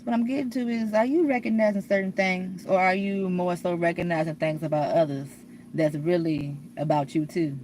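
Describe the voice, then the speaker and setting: Profane, preachy woman vlogger with a low voice. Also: fairly even intonation, normal speed, darkish tone, a little hiss or hum. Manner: blunt, profane, preachy, rambling with restarts. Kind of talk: candid confessional monologue.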